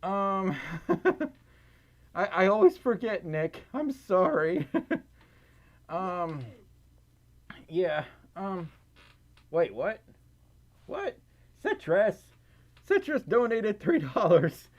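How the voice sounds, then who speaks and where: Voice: mid-range voice, big pitch swings, extremely slow, pauses often, dull audio. A livestreamer chatting casually and reading out donations, often out of breath, giggling and stumbling over words.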